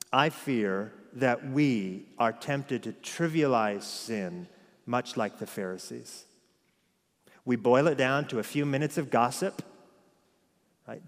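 A male pastor delivers a sermon in a fairly high voice, moving between loud, emphatic passages and quiet, hushed asides. He often repeats a word as he restarts a phrase. His voice rings with the long reverb of a large church hall.

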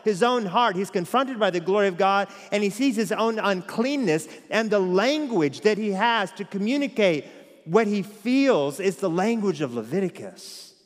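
A male pastor delivers a sermon in a fairly high voice, moving between loud, emphatic passages and quiet, hushed asides. He often repeats a word as he restarts a phrase. His voice rings with the long reverb of a large church hall. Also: animated, moderate pace.

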